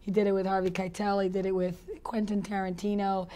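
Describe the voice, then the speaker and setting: A woman actress in a casual interview, telling stories in a chatty, animated way and laughing often. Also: mid-range voice, fairly quick.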